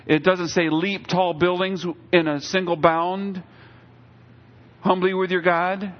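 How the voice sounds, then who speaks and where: Man preaching in a lively, conversational way. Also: sits high, slow pace, muffled recording. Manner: conversational preaching with acted-out quotes. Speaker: pastor. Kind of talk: sermon.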